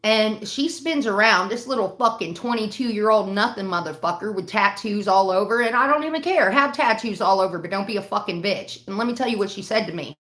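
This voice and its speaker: A woman's voice: mid-range voice, fairly quick, hardly any pauses, fairly bright tone. A woman livestreaming, telling a heated story in casual, profane bursts. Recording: roomy echo.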